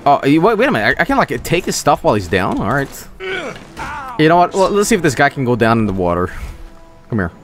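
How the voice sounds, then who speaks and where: Over faint background music, a Swedish streamer comments on a video game at a quick pace in a mid-range voice. He's animated and crude, joking around and doing goofy voices.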